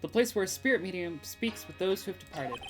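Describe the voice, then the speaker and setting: A woman's voice: lowish voice, animated, fast, soft background music, voice pushed up. A woman voicing a cold, stern woman spirit medium who speaks in a stiff, formal, haughty way, reading game dialogue. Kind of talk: game dialogue read aloud.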